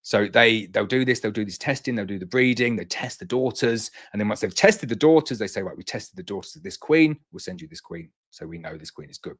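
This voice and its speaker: A middle-aged man with a fairly low voice hosts a relaxed live question-and-answer session. He reads viewer comments aloud in a lifted tone, then answers in an easygoing, conversational manner. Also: a little fast, few pauses. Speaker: beekeeping show host answering viewer questions.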